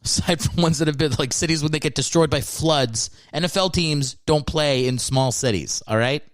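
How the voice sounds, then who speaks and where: A man's voice: on the high side, normal speed, dry recording. Sarcastic, profane male podcast host. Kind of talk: solo comedic podcast monologue.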